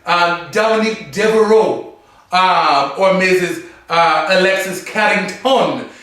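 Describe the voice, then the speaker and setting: A man's voice: sits high, slow, heavy reverb, recorded from a distance. A man reviewing a drag competition episode in a campy, sassy, chatty way, seated on a stool in a room. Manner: campy, sassy, animated, full of asides and mimicry. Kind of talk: casual review chat.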